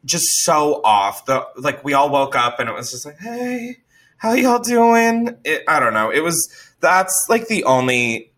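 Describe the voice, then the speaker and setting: A man telling a story in casual chat, animated and profane, with lots of "like.". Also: medium pitch, moderate pace, few pauses. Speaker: podcast co-host telling a story.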